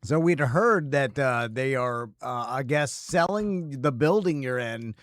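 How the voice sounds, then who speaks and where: A man's voice: mid-range voice, animated, a little slow, a bit bright, no room sound, studio quality. A man co-hosting a podcast, chuckling and loose with lots of fillers. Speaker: podcast co-host. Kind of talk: casual podcast chat.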